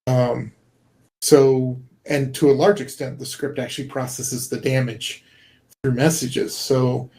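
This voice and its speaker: A man's voice: medium pitch, flat delivery, measured pace, gravelly, mellow. Man, middle-aged, game developer guest, earnest, rambling, filler-heavy, voice call. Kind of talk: casual conversation.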